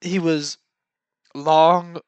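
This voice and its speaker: This young man's voice is on the high side, smooth and level, with drawn-out words. As a vlogger he rambles through casual dating stories, mocking himself and mimicking what people said. There's no room sound, though the audio is dull.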